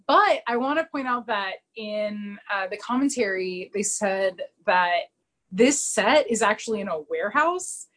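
A woman in casual podcast chat, retelling scenes with lots of fillers and quick quoted voices. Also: medium pitch, expressive, a bit bright, poor audio. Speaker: podcast co-host recapping a TV episode.

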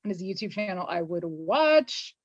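A woman co-hosting a podcast, casually recapping an episode and acting out the characters' lines in quick voices. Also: fairly low pitch, big pitch swings, no room sound, dull audio. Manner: chatty, quotes characters in quick put-on voices. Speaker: podcast co-host.

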